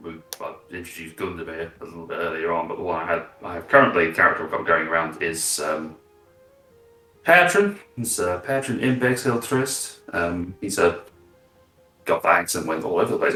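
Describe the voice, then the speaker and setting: A man's voice: deep voice, fairly even intonation, fast talker, sharp tone, soft background music. Rambling jokey man in an echoey room. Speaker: panelist. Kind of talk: casual chat.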